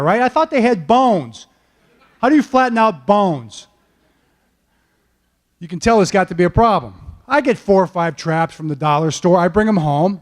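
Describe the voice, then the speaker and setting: A man, a football coach, giving a motivational storytelling talk to an audience, keeping listeners with him with frequent "okay?" and "all right?" check-ins. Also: sits high. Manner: animated, punctuates points with "okay?" and "all right?". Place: event stage before an audience.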